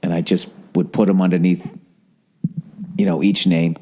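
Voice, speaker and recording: A man's voice: low-pitched, level tone, normal speed, warm tone, breathy edge. A man hosting a podcast, telling a rambling, profane story in a casual, wry monologue. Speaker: podcast host.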